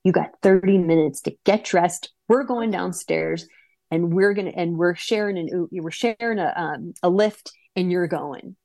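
Woman, 40s, from Wisconsin, animated storyteller, slightly low voice, dry close recording. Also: vocal fry, no room sound. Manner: animated, acts out her own and others' lines in quick bursts. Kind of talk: personal story told to an audience.

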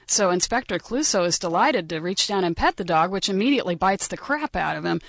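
A woman in her forties tells a personal story with dry, wry humor. Her voice sits in a middle pitch and is recorded close and dry, with no room sound. She is a guest on a radio storytelling show. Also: animated, brisk, no echo.

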